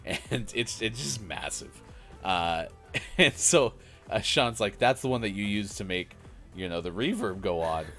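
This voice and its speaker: A man's voice: on the low side, normal speed, fairly bright tone, faint music behind. A middle-aged man co-hosting a morning gaming show, rambling casually with lots of fillers and chuckles. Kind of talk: casual chat while gaming.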